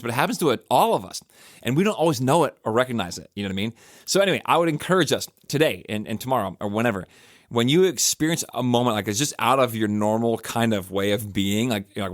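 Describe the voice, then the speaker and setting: A middle-aged man, a pastor musing in a casual, animated podcast talk full of fillers and restarts. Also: medium pitch, brisk, no echo, studio quality.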